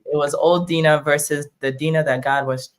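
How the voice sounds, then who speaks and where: A woman's voice: low-pitched, steady tone, normal speed. Candid woman reflecting on a panel. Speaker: panel guest. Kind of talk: personal sharing on a panel talk show.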